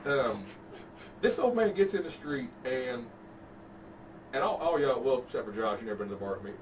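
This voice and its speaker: Casual man, podcast host telling a profane anecdote, mid-pitched voice, far from the mic with noise behind him. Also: expressive, a little fast. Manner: laid-back, profane storytelling. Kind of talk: casual chat. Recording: distant mic with background noise.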